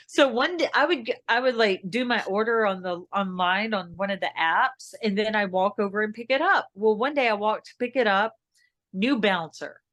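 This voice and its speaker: A woman's voice: medium pitch, normal speed, a bit bright. A woman, an actress and singer, guesting on a podcast and chatting casually, laughing easily as she tells anecdotes full of quoted dialogue. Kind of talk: casual interview chat.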